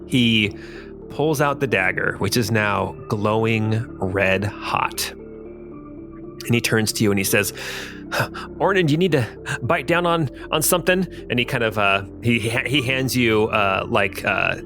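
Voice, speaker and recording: A man's voice: lowish voice, unhurried, gravelly, music in the background. A man hosting and game-mastering a tabletop fantasy game, narrating scenes with frequent fillers. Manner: fillers and restarts, descriptive narration.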